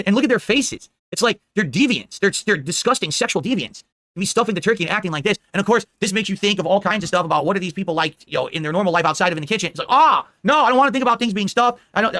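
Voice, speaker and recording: A man hosts a live commentary stream in a high, bright voice and talks at a fast clip. He sounds indignant and rambles, checking in with "all right?" again and again. The sound is close and dry. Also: no room sound.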